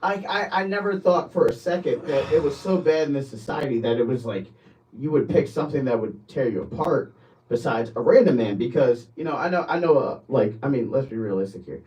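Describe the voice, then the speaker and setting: A man on a casual podcast chat who stops and restarts his sentences, often breaking into higher, louder bursts. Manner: halting, restarts a lot, rising animated. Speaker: podcast co-host. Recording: distant from the mic, dull lo-fi.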